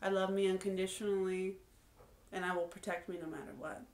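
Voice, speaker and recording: A woman's voice: medium pitch, little pitch movement, a little fast, a little mellow. A young adult woman talking candidly in a casual, reflective monologue, full of "like" and "um". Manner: candid and earnest, many fillers like "like" and "um". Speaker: vlogger. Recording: roomy echo.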